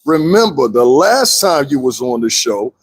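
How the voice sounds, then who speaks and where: Speaking a bit slowly in a husky mid-range voice, this man offers casual live-stream commentary. He stays animated, addresses viewers head-on, and breaks into frequent laughter.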